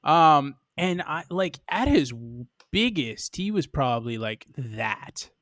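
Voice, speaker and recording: A man from Boston co-hosting a podcast in casual chat, animated and laughing, with rambling asides and the odd swear word. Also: on the high side, takes it slowly, no room sound, studio quality. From Boston, USA. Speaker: podcast co-host.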